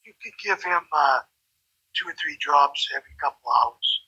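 A man talking on a prison phone call, hesitant and quiet. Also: on the high side, moderate pace, husky.

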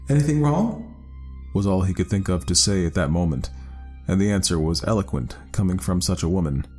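A man with a very deep voice tells a ghost story in a measured, dramatic way. His reading is steady and deliberate. Quiet music runs faintly underneath. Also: husky. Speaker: narrator.

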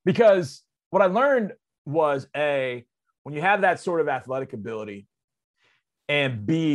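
A man in his forties, a sports radio host, telling a story on air in a loose, excitable, conversational way. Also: unhurried. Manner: animated, excitable storyteller with big swings in loudness and pitch; conversational, drops into loose asides.

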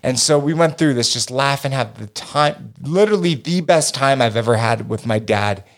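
A man in a relaxed talk, recounting a story with plenty of cursing. He is animated and jumps up sharply in pitch when he plays his younger self. His voice sits at a middling pitch. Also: normal speed. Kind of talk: casual storytelling.

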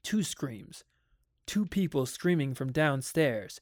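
A man narrating a dramatic audiobook in a measured way, slowing on ominous details. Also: medium pitch, expressive, a little mellow, dry recording, studio quality.

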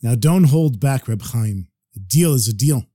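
A storyteller putting on a shrewd, well-off cattle dealer, brisk and businesslike, pressing his bargain. The tone stays mellow and the sound is close and dry, as in a told story. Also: mid-range voice, expressive, husky, no room sound. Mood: insistent. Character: shrewd wealthy male cattle dealer, insistent.

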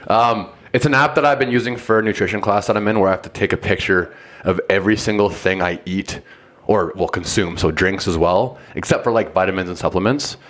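A man's voice: low-pitched, brisk, a bit bright. A young man co-hosting a casual podcast chat with friends, laid-back and rambling, swearing freely. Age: young adult. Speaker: podcast co-host.

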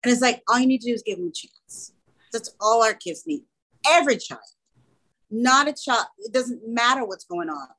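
A woman who runs a small school talks in a relaxed interview. She tells earnest, animated stories and acts out the other people's lines as she goes. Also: on the high side, normal speed, rough recording. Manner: earnest, animated storytelling with quoted dialogue. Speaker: small school or daycare founder. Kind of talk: casual interview chat.

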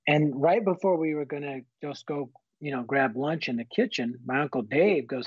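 A man in his fifties, a guest telling his personal faith story in an earnest, animated, folksy way. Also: a little high, normal speed, hardly any pauses, breathy edge, dry recording. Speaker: guest author. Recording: slightly muffled, dull recording.

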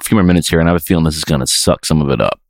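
A man's voice: rumbling low, racing, gravelly, no echo, studio quality. A man hosting a podcast, chatting in a playful, rambling way and reading out listener emails. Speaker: podcast host. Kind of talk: casual podcast chat.

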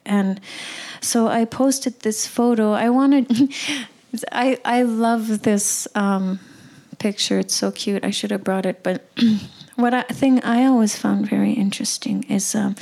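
A woman's voice: medium pitch, warm tone. Blunt, fervent young woman from the Arctic. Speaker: speaker sharing her views. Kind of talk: impassioned personal talk.

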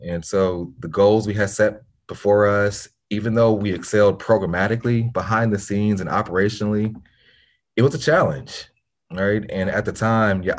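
A man, telling his story as a guest in a podcast interview, earnest and reflective with occasional restarts. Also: low voice. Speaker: nonprofit founder, podcast guest.

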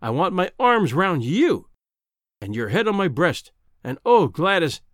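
An earnest, impulsive young man pleads and bargains in a raised, animated voice, played by the male narrator. The reading sounds close and dry, a storybook scene. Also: high voice, unhurried, dry recording, exaggerated voice. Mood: pleading.

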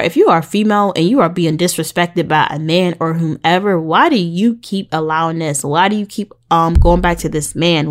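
Chatty woman podcast host, lowish voice. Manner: chatty, sarcastic, preachy asides. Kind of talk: casual faith-based podcast talk.

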